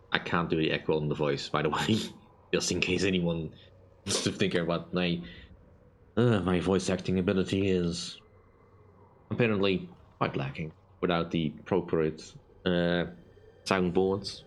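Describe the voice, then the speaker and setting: Low-voiced man hosting a game playthrough. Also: steady tone, normal speed. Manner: casual and self-deprecating. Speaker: let's play host. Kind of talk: game commentary and reading dialogue aloud. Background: game music.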